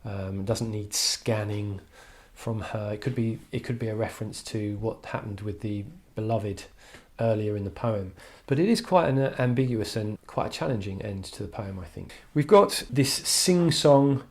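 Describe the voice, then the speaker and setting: A man's voice: fairly low pitch, moderate pace, hardly any pauses, darkish tone. A man teaching an English literature lesson online, talking thoughtfully with frequent "um"s and restarts. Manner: thoughtful, hesitant with frequent fillers.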